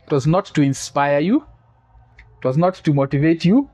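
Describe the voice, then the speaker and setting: A man's voice: on the high side, animated, normal speed, dark tone, husky. A man preaching a sermon, repeating key phrases for emphasis, asking the congregation questions and adding humorous asides. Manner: quizzes the congregation for responses.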